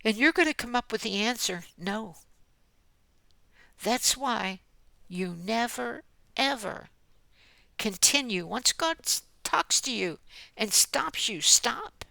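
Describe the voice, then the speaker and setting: An older woman giving a gentle devotional message, often dropping into a soft whisper and laughing lightly as she speaks. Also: on the high side, expressive, slow pace, vocal fry, pauses often, no echo. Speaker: Christian speaker.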